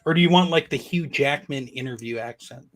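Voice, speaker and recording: A man's voice: medium pitch, a little fast, a bit bright. A man co-hosting a casual chat about comics, with dry, teasing jokes. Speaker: podcast co-host.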